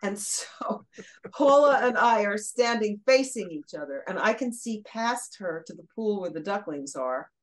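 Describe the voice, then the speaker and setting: An older woman from Brooklyn, guest on a chat show, tells stories with relish. She laughs between phrases, acts out the lines people said, and lets the tale run on in a steady, mid-range voice. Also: medium pitch, measured pace, poor audio. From Brooklyn, USA. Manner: lively anecdotal storyteller who laughs mid-sentence and acts out quotes. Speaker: guest, former children's TV host. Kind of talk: casual storytelling interview.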